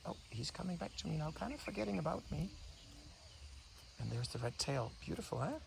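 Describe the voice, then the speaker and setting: On a morning walk, a man who works as a breathing coach murmurs to himself while filming wildlife, restarting his thoughts as he goes. He speaks a little fast in a mid-range voice with vocal fry. His unscripted commentary is hushed and full of wonder, with insect and bird noise all around.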